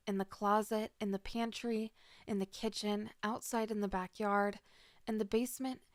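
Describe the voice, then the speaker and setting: A woman's voice: medium pitch, dry recording, studio quality. A woman narrating a dramatic first-person story with emotional delivery.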